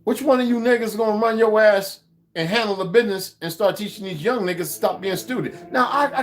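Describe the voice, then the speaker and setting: An American man vlogs a heated, profane rant, mocking and swearing throughout. His pitch swings lively as he goes on in this ranting monologue.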